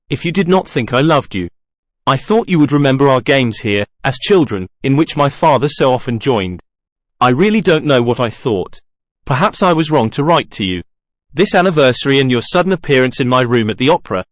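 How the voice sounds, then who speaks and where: A man reading the lines of a young woman singer in a gentle, slightly raised voice. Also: mid-range voice, no echo, clean studio sound, lightly acted.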